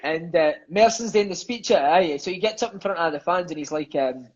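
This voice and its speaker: Barely pausing, a Scottish man in his thirties talks a little fast in a fairly high pitch, over dull audio. He's a former footballer guesting on a podcast, swearing and telling casual stories sprinkled with "aye" and "mate."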